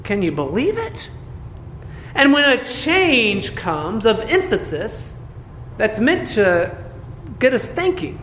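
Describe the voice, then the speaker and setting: A man with a high, light voice delivers a sermon. His delivery is earnest and emphatic, and he keeps asking rhetorical questions. The sound is echoey, with a long reverb and faint room ambience. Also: wildly swooping pitch, takes it slowly, pauses often, a bit bright, slight background noise. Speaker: pastor.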